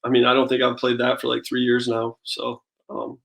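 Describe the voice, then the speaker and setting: A man in his thirties, a baseball pitcher, chatting casually as an interview guest and telling relaxed stories full of "like" and "I mean". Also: normal speed, vocal fry, rough recording. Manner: relaxed storytelling, lots of "like" and "I mean".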